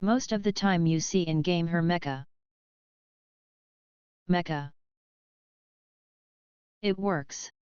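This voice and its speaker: A woman streamer talks to her chat in a loose, offhand way, swearing casually. Her voice is very clean and smooth and a little low, recorded dry and close with slightly dull, lo-fi sound. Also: slow pace, pauses often, darkish tone, no room sound. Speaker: livestreamer.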